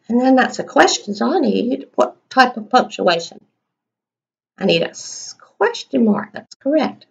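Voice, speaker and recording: A woman teaching young children a writing lesson, sounding out words slowly and asking the class questions as she writes. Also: a little high, very animated, gravelly, darkish tone, highs cut off. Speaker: kindergarten teacher.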